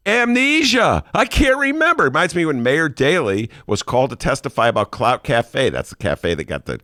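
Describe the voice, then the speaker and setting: A man's voice: mid-range voice, big pitch swings, a little fast, fairly bright tone, dry recording, studio quality. A man hosting a talk show, riffing sarcastically on the news and reading quotes aloud. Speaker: host. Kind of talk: comedic political monologue.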